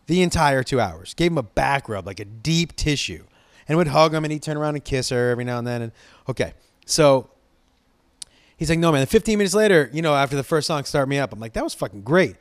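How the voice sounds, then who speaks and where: A man's voice: mid-range voice, fairly quick, dry recording. A man from Los Angeles telling a casual, rambling story, swearing freely and restarting his sentences as he goes. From Los Angeles, USA. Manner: rambling, profane, excitable.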